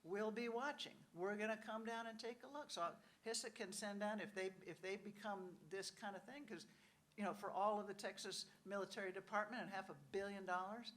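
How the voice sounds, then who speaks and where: A woman's voice: mid-range voice, steady tone, brisk, a bit bright. Woman speaking casually at a conference panel. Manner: conversational, acts out quoted officials; frequent "you know" asides. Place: conference hall.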